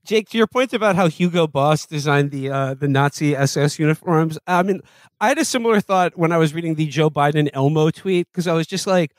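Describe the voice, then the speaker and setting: A man's voice: a little high, brisk, dry recording. A man, a podcast host, riffing sarcastically in casual comedic chat.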